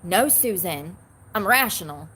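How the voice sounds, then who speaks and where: A woman's voice: on the low side, expressive, a little slow, bright, forceful tone, a little hiss or hum. Chatty woman streaming from her phone. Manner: chatty, rambling, reads and answers comments. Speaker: livestream host. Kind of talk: casual livestream chat.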